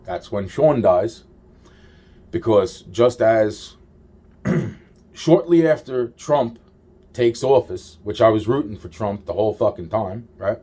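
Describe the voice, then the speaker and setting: A man's voice: on the low side, expressive, slow, mellow, breathy edge. A man in a rambling monologue, swearing constantly and trailing off with exasperated sighs. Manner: trails off with repeated sighs of "wow".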